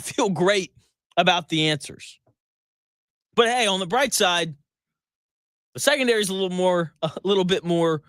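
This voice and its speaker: A man's voice: a little high, fairly bright tone, no room sound, studio quality. A man hosting a sports radio show, talking in a sarcastic, exasperated way and laughing often. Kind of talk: sports talk monologue.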